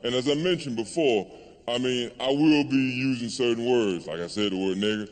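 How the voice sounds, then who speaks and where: A man's voice: medium pitch, normal speed. A man from Georgia with a Southern accent, telling stories as a stand-up comedian in a wry, profane way on a large theater stage. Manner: profane, wry, acts out the characters. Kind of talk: live stand-up storytelling. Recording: long hall reverb, faint room noise.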